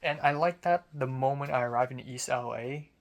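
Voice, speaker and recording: A young man from Hong Kong recounts a story in a loose, rambling style. His voice sits at a mid pitch, and he jokes about himself and swears casually as he talks. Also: normal speed, gravelly.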